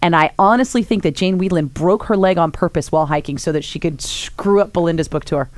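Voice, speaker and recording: A woman's voice: on the low side, fairly quick, a little mellow, no room sound. A woman hosting a radio show, chatting with guests and laughing often. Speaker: radio host. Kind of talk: casual radio interview.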